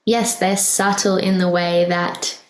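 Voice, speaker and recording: A woman's voice: on the low side, steady tone, takes it slowly, reverberant, low-quality recording. A woman hosting a podcast, speaking in an earnest, heartfelt way with many fillers and restarts. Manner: emotional, laughing softly at herself. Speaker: podcast host. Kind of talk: casual spiritual podcast monologue.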